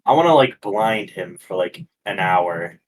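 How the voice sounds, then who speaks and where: A man taking part in a tabletop game, describing his moves hesitantly and full of fillers. His voice is on the low side, with faint noise in the background. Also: animated, unhurried, rough recording. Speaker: player.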